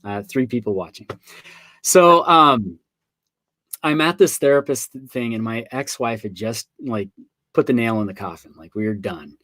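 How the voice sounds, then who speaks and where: A man's voice: mid-range voice, normal speed, a bit bright, no room sound. A man hosting a live online book signing, chatting casually and telling personal stories, acting out what people said. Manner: chatty storyteller, acts out quoted voices. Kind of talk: casual video-call chat.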